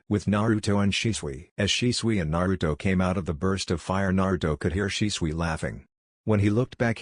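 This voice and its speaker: A man narrating a fan fiction story in an even, steady reading voice. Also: low-pitched, no room sound, studio quality.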